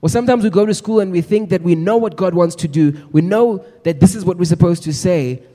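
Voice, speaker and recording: A man's voice: high-pitched, fairly quick, mellow. A man preaching a sermon, earnestly exhorting and addressing the congregation directly. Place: church hall. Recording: echoey hall.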